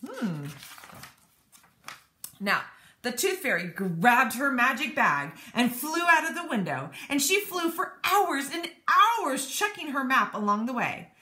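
A woman teacher reading a children's storybook aloud, animated and expressive. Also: on the high side. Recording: echoey room.

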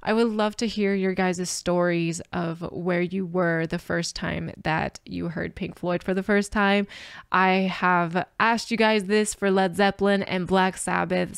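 A woman vlogger reacting to music on camera, overwhelmed and emotional, talking in halting bursts with restarts and soft laughs, teary after crying. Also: on the low side, vocal fry, clean tone, no echo, studio quality. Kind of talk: casual reaction commentary to camera.

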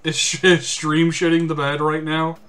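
A man streaming a horror game, cursing and yelling at the game in exasperation. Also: on the high side, little pitch movement, moderate pace, slight background noise. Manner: swearing, exasperated outbursts at the game. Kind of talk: casual gameplay commentary.

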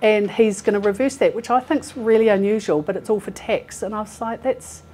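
Her voice is mid-range, fairly quick, husky and a little mellow. She's a woman in her forties, a healthcare recruiter presenting informally to a live meeting-room audience, laughing a lot and leaning on fillers.

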